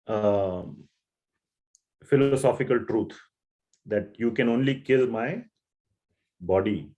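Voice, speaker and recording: A man's voice: medium pitch, darkish tone, rough recording. A man teaching a scripture class, retelling a story in simple, conversational words. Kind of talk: storytelling lecture.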